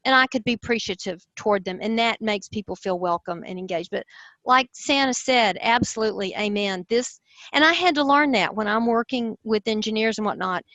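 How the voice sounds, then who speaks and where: An enthusiastic, expressive woman with a Southern US accent, explaining personality styles in conversation. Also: medium pitch, fairly quick, no room sound, dull audio. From Southern United States. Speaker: host, personality-type teacher.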